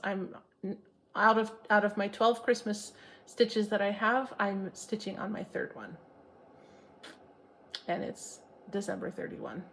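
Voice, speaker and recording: Stitching vlogger from Maine, a woman with a rough, fry-tinged voice who chats casually and backtracks mid-sentence. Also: medium pitch, a bit bright, slight background noise. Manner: chatty and earnest, rambling with self-corrections. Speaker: cross-stitch vlogger and teacher. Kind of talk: casual chat to camera.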